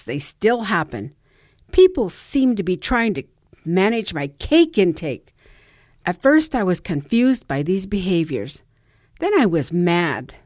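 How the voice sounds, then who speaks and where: A woman's voice: mid-range voice, darkish tone, no echo, studio quality. A middle-aged woman reads a personal story aloud in a reflective way and acts out the people she quotes. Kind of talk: personal essay reading.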